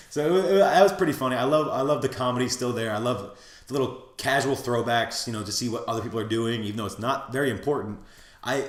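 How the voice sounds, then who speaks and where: Rambling man recapping an anime, roomy sound. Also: mid-range voice. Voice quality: animated, acts out character lines in funny voices. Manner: rambling with many restarts and fillers. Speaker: anime reviewer. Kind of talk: casual recap.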